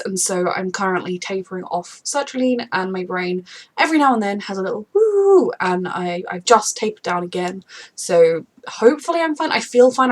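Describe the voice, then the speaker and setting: A woman hosting a reaction video, gushing and emotional, often exclaiming at the screen. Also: mid-range voice. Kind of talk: casual reaction commentary.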